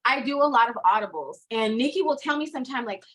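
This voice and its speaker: A woman's voice: on the high side, expressive, fast talker, fairly bright tone. A woman co-hosting a podcast, gushing with enthusiasm to her guest in casual chat. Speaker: podcast co-host.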